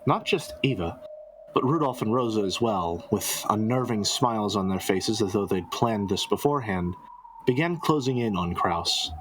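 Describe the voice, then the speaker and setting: A man's voice: fairly low pitch, lively intonation, moderate pace, slight background noise, poor audio. A man streaming, narrating and commenting on a visual novel in a casual, amused way. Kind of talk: casual read-along and commentary. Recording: music playing behind.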